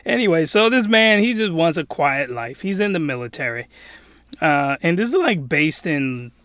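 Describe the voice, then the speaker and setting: A man giving a casual anime review, rambling and excitable, sometimes getting loud. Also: fairly high pitch, moderate pace, no echo.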